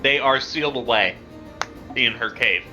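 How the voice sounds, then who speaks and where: A man's voice: mid-range voice, a little slow, pushed and bright, highs cut off, soft background music. A man who runs a tabletop game, chatting casually and clarifying points in a matter-of-fact way. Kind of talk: casual chat recapping a game.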